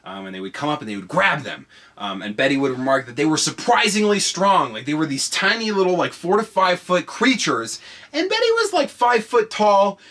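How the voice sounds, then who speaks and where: A man hosting a podcast, telling a story comedically with heavy swearing, jumping between hushed lines and shouting. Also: a little high, normal speed. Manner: profane, excitable, swings between hushed and shouting. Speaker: podcast host.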